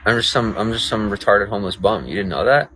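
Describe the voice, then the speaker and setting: Streaming outside on a rainy night, this man fires off a sarcastic, swear-filled rant at his chat. His voice is lowish and fairly bright, he talks fast, and the recording is rough.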